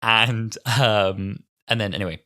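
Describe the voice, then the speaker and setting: A man in his twenties co-hosting a podcast in casual chat, telling stories animatedly and mimicking other people with sudden high voices. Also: a little slow. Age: 20s. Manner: animated storyteller, mimics others with big pitch jumps. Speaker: podcast co-host.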